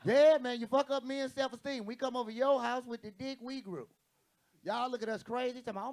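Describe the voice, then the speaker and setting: A brash stand-up comedian, a man with a high, gravelly voice. He swears freely and acts out the people in his stories on a comedy stage, speaking into a handheld mic. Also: steady tone, brisk, darkish tone. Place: comedy stage with live audience.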